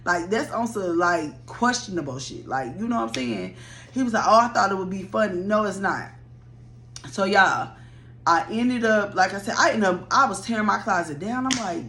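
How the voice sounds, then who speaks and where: Young woman, blunt and animated, talks straight to her viewers, swears freely; light background hum. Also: mid-range voice, normal speed. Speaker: storyteller. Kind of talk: casual story time.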